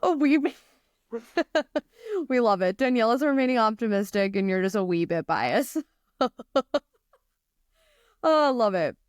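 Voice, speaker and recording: A woman's voice: mid-range voice, expressive, a little slow, pauses often, smooth, no echo. Upbeat American woman hosting, dry close sound. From United States. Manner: laughs often, teasing and upbeat. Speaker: podcast host. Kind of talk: casual podcast chat.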